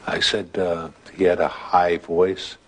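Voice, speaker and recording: Deep-voiced man telling a ghost story. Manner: halting, relaxed, with restarts and "uh". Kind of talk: anecdotal storytelling.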